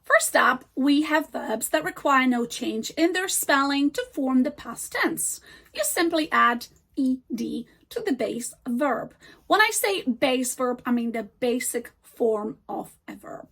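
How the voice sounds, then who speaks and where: High-voiced woman teaching English. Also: lively intonation, fairly bright tone. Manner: slow, deliberate modeling of example words. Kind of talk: scripted grammar lesson.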